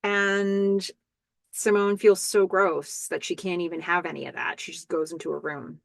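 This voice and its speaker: A woman's voice: fairly low pitch, steady tone, normal speed, creaky, no echo. Chatty woman podcast host, dry sound. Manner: chatty, quotes the characters in her own voice. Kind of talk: casual recap commentary.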